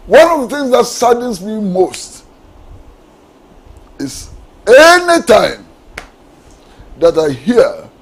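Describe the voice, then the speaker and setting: Man, talk show panelist, husky voice, passionate, swooping intonation. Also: high-pitched, low-quality recording. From Ghana. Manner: impassioned, with repeated rhetorical questions. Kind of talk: political talk show commentary.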